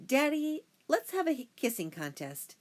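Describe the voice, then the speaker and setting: Woman doing an excited young girl. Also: moderate pace. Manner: high, eager exclamations. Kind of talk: audiobook reading.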